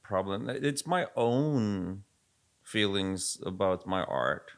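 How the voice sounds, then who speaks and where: A man's voice: lowish voice, expressive, slow pace, gravelly, clear, resonant tone. A middle-aged man with a Swedish accent, co-hosting a casual chat and talking reflectively and candidly, often restarting his thoughts. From Sweden. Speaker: podcast co-host, music producer.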